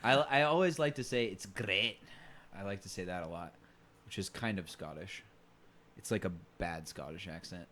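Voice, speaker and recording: Podcast co-host, man, lowish voice, joking and loose, chatty with fillers. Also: lively intonation, normal speed, fairly bright tone, slight background noise. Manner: joking, laughs often, lots of fillers. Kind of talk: casual chat.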